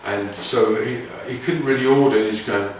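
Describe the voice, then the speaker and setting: A man's voice: mid-range voice, moderate pace, a little hiss or hum. A man telling casual, meandering anecdotes in a reflective way. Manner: meandering, reflective, with many restarts. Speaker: didgeridoo player sharing stories. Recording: very echoey room, mic far off.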